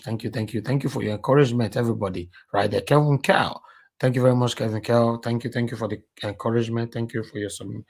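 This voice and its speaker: A man's voice: mid-range voice, darkish tone. A man with a Nigerian Pidgin English accent hosting a live online talk show, switching between Pidgin and English and teasing his callers. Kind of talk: live stream chat with callers.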